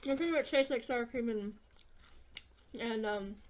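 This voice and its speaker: A woman's voice: a little high, unhurried, a little hiss or hum. A woman vlogger chatting casually on camera while eating snacks, rambling and offhand, with fillers and some swearing. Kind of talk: casual eating vlog chat.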